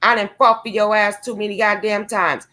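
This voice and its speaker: A woman's voice: mid-range voice, fairly even intonation, moderate pace, pushed and bright. A young woman vlogging a confrontational, profane rant, taunting and cursing at someone she calls out. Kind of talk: angry profane rant to camera.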